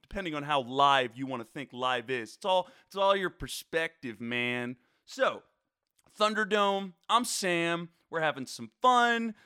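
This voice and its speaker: A man's voice: sits high, sharp tone. A man hosting a casual solo sports podcast from his bedroom, rambling with jokey, playful asides.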